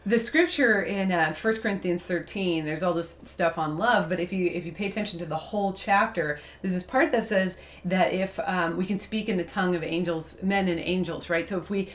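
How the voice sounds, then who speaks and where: A woman's voice: on the low side, normal speed, hardly any pauses. A woman who is a professor co-hosting a faith talk show. She explains ideas conversationally and laughs easily. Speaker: apologetics professor and co-host. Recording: roomy echo.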